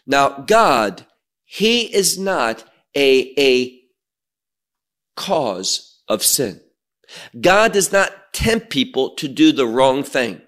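A man teaching a sermon, reading scripture aloud and explaining it with slow, emphatic delivery. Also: mid-range voice, big pitch swings, fairly bright tone. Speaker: Bible teacher.

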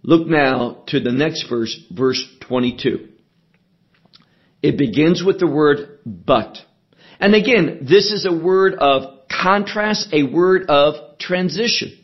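High-pitched guy preaching slow, verse by verse, kinda muffled lo-fi sound. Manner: measured, emphatic, asks and answers his own questions. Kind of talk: verse-by-verse Bible teaching.

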